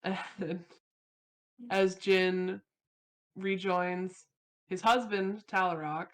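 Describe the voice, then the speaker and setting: A woman playing a tabletop game, calmly reading out a written epilogue for her character. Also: fairly low pitch, very slow. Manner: calm, descriptive storytelling. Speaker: player.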